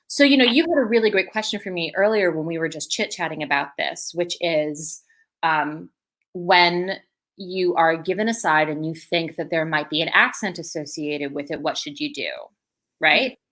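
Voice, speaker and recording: A woman's voice: low-pitched, normal speed, fairly bright tone. A woman, an associate director, chatting casually in an online video, with many fillers and laughs. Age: adult.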